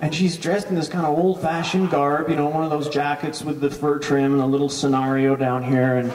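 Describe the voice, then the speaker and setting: Canadian guy rambling a comic tale onstage, kinda high voice, roomy echo, crowd in the theatre. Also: little pitch movement, brisk, darkish tone. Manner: rambling, keeps asking "right?". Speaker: storyteller in character. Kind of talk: comic storytelling on stage. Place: theatre stage. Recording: echoey theatre from far off, audience. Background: audience.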